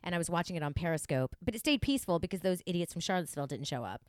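A woman's voice: lowish voice, racing, no room sound, clean studio sound. A woman hosting a podcast, teasing and swearing freely in a casual chat. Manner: profane, teasing, lively. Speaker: podcast host.

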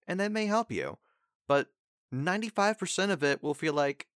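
A male voice actor in casual chat, giving loose, rambling advice and dropping into quick acted line readings. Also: fairly high pitch, very animated, fairly bright tone, clean tone, no echo, clean studio sound.

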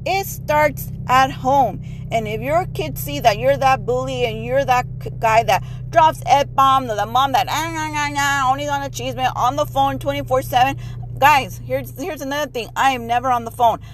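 A middle-aged woman with a bright, high voice talks straight into her podcast mic, blunt and emphatic. She sprinkles Spanish words into her casual monologue. A faint hum of noise sits under the recording. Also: normal speed, poor audio. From Mexico heritage. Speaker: podcast host.

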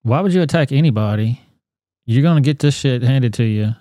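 A man hosting a podcast, commenting on a news video in a blunt, profane, animated rant. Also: medium pitch, brisk, dry recording, clean studio sound. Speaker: podcast host.

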